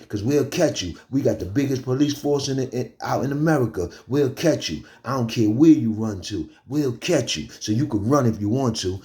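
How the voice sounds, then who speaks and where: A man voicing a harsh parole officer who yells and taunts over the phone, in a raised, higher voice. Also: close to an everyday voice. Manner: barking, repetitive, threatening. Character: harsh male parole officer, yelling, antagonizing.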